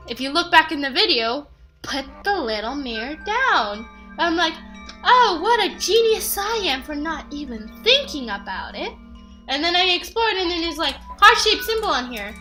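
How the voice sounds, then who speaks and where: A young woman giving chatty, self-mocking commentary while playing a game, swinging between low mumbles and sudden loud outbursts. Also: very animated, normal speed. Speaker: gaming YouTuber. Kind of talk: let's play commentary. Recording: faint game music behind.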